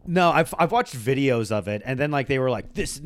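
A man's voice: mid-range voice, animated, fairly quick. A man co-hosting a podcast in casual chat, rambling and restarting his sentences. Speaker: podcast co-host.

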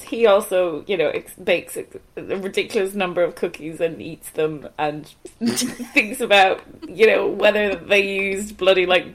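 A British woman co-hosting a food podcast, chatting casually and laughing often. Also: fairly low pitch. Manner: giggly, chatty. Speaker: podcast co-host. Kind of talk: casual chat.

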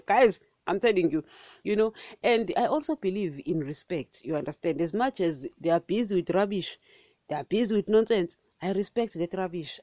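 A woman's voice: lowish voice, warm tone, no room sound. A woman preaching an impassioned sermon monologue, scolding and repeating herself with emphasis, often calling her listeners "guys".

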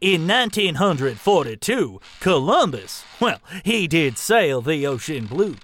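A man playing a pompous, bumbling old-fashioned gentleman in a comedy sketch, talking in a formal drawl and flustering easily. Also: a little high, sing-song, a little slow, full character voice. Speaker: comic presenter.

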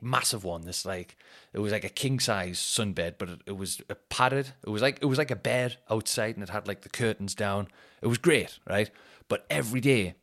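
A man's voice: on the low side, fairly bright tone. A man hosting a podcast, telling rambling, jokey stories full of fillers and restarts. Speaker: podcast host. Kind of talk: casual storytelling.

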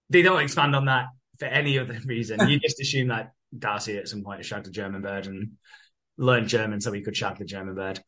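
A man's voice: lowish voice, a little fast, pushed and bright. A man retelling a soap episode on a podcast, full of swearing and acted quotes. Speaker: podcast co-host. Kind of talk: casual comedic recap chat.

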